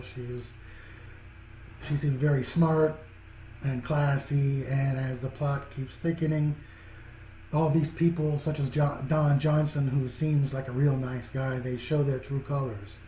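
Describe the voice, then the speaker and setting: Rambling man with a mellow, echoey voice. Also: medium pitch, level tone, measured pace. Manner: rambling, repeats and restarts phrases, chuckles often. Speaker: film reviewer. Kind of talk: casual spoken film review. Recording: echoey room with faint background noise.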